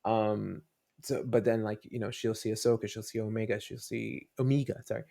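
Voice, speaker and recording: A man's voice: fairly low pitch, flat delivery, fairly quick, gravelly, warm tone. A man who is a father, guest on a fan podcast, telling stories in a rambling, casual way with many fillers and restarts. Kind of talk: casual interview chat.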